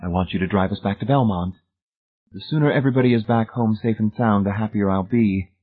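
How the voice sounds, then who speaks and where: A husky-voiced man voicing a prim, cold, controlling spinster who speaks calmly and matter-of-factly, recorded with a tinny phone-like sound. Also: on the low side, a little fast, lightly acted. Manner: calm, matter-of-fact, quietly proud.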